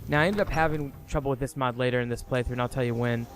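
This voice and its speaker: A man giving relaxed, rambling commentary on a video game as he plays. His voice sits at an ordinary pitch, and he chats along with frequent fillers. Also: very fast. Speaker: let's player. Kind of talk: casual gameplay commentary. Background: game music.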